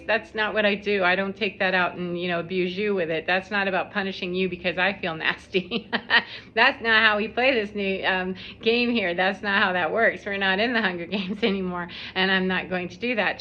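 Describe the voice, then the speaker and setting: Bright-voiced woman musing on spiritual life. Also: medium pitch. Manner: rambling, reflective, laughs often. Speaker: spiritual vlogger. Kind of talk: casual spiritual talk to camera. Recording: slightly dull lo-fi audio.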